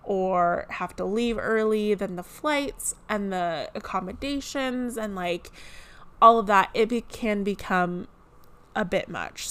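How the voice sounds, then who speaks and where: A woman's voice: medium pitch, fairly bright tone, clean tone. Chatty, giggly woman podcast host. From California. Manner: chatty and giggly, with many fillers. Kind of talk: casual chat.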